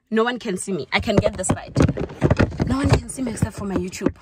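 A young woman from South Africa talks to her viewers from behind the wheel, flustered, often exclaiming and laughing at herself. Her pitch sits in a middling range. The car's engine and road noise come through clearly behind her voice. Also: a little fast. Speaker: vlogger. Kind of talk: casual vlog chat while driving. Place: inside a car on rural roads. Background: car and road noise.

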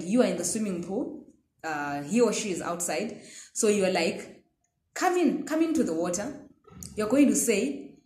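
A woman teaching a language pronunciation lesson, speaking patiently, repeating words slowly and often saying "okay". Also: medium pitch, darkish tone, echoey room.

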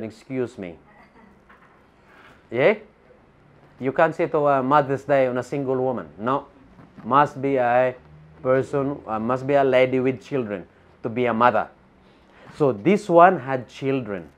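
A man's voice: medium pitch, muffled recording. A man with a Filipino accent preaching a sermon to a congregation in a church, reading Bible verses and putting rhetorical questions to his listeners.

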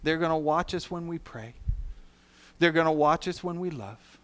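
Earnest male pastor, slightly high voice. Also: moderate pace. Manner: earnest preaching, swings from soft to loud. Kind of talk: sermon. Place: church sanctuary.

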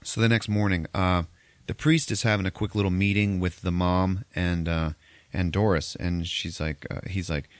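Deep-voiced profane podcast host. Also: male voice, fairly even intonation, moderate pace, dry recording. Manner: profane, laughing, rambling storyteller. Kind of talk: casual movie recap.

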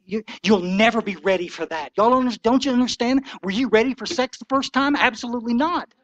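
A man's voice: extremely high pitch, fairly quick, muffled recording. Passionate folksy man in his sixties. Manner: passionate, folksy and preachy, with blunt asides. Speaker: recovery meeting speaker. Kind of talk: impassioned talk to a recovery meeting.

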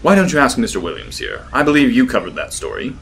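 A man's voice: medium pitch, huge pitch swings, quick pace, gravelly, a bit bright, slight background noise, full character voice. A man voicing an exasperated small-town mayor in an audiobook story. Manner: exasperated, snorting.

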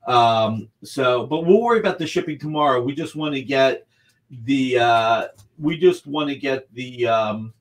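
A man running a live comic book auction over a video call, pitching books with enthusiasm and urging bidders on. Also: unhurried. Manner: enthusiastic, pushes bidders along. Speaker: guest auctioneer.

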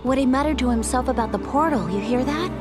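A woman's voice: sits high, fast, over loud music, close to an everyday voice. An actress voicing an earnest young female space officer in a video game.

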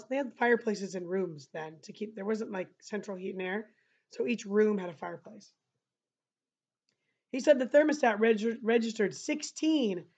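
A woman's voice: fairly high pitch, darkish tone. Woman reading a novel aloud, lo-fi. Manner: breaks off the reading to explain to listeners. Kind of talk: novel read-aloud with explanations. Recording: dull lo-fi recording.

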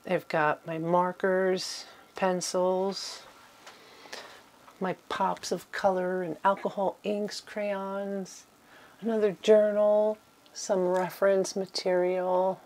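A middle-aged woman giving a relaxed, chatty tour of her small home craft room. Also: fairly low pitch, slow pace. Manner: chatty, with fillers and little laughs. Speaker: vlogger giving a studio tour. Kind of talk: casual tour talk.

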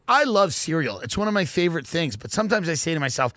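A man hosting a podcast, doing a profane, deadpan comedic ad read that swings into shouted rants. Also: a little high, fast talker, no echo, studio quality. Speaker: podcast host reading ads.

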